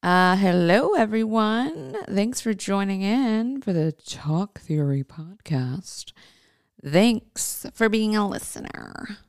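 A woman's voice: medium pitch, lively intonation, slow, no room sound, studio quality. A woman hosting her own podcast in a casual, chatty way, speaking informally to listeners as folks. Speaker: podcast host.

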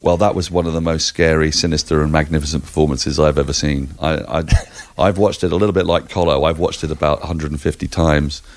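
A man with a very deep voice chats as a podcast guest, wry and articulate, with bursts of energy. The recording is dry and close to the mic. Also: steady tone, quick pace, dry recording. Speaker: guest cricket commentator. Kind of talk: conversational podcast chat.

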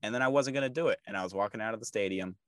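A man with a fairly low voice, co-hosting a casual sports podcast. He talks emphatically and repeats himself when he gets fired up. The sound is dry and close. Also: racing, no echo. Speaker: podcast co-host.

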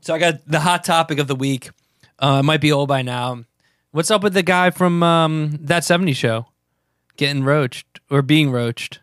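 A man's voice: on the high side, normal speed, fairly bright tone, clean tone, no echo, studio quality. Laid-back man co-hosting a podcast. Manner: laid-back, laughs often. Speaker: podcast co-host. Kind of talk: casual chat.

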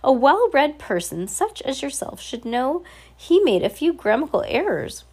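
A woman's voice: mid-range voice, big pitch swings, normal speed. A woman with a cold voicing a timid, fussy wealthy man who speaks hesitantly and politely. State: has a cold, scratchy throat.

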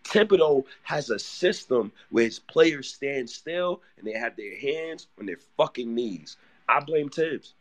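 A man hosting a basketball podcast with a lively voice that rises and falls a lot. He teases guests and breaks down plays in a loose, chatty way. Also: medium pitch, a little slow. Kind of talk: sports debate talk.

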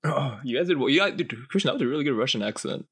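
A man chatting casually as a podcast co-host, laid-back and quick to laugh. His voice is an ordinary middle pitch. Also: animated, fairly bright tone, husky. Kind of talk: casual chat.

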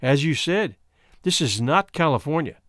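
Male narrator doing a smug, wordy schemer, slow and judicial, sing-song pitch, dry. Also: animated, a bit bright, no echo. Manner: deliberate, judicial, mock-apologetic. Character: scheming, smooth-talking man, wordy and mock-polite.

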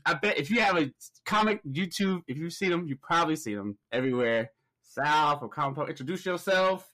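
A man hosting a podcast in a casual, excitable way, with loose phrasing and frequent laughs. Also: fairly high pitch, brisk. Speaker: podcast host. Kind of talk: casual chat.

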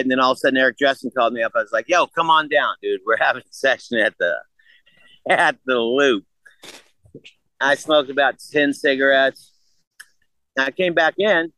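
A man in his sixties telling a story in casual chat, animated and profane, acting out what others said. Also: medium pitch, dry recording, poor audio. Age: 60s. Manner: animated, profane, acts out quotes.

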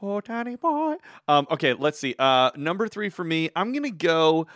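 A man co-hosting a casual podcast, an actor by trade, who talks in a playful, expressive way. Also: normal speed, no echo, studio quality. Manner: expressive, playful, jumps into high-pitched quoted voices. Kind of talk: casual chat.

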